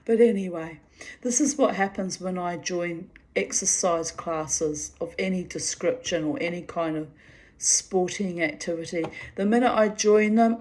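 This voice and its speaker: In a fairly low, darkish voice, a middle-aged woman casually reads from her diary and comments on it with wry self-deprecation that tips into laughter.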